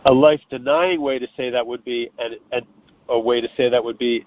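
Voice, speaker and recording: A man's voice: medium pitch, fairly even intonation, a little fast. A man as an interview guest, explaining earnestly and loosely over the phone, with restarts and acted-out quotes. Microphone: telephone. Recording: dull, dry phone line.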